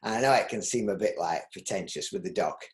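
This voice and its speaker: Middle-aged Yorkshire man, interview guest, lowish voice, restarts a lot, roomy echo. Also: lively intonation, fast. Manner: rambling, with frequent restarts and ums. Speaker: interview guest, business owner. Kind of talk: casual interview.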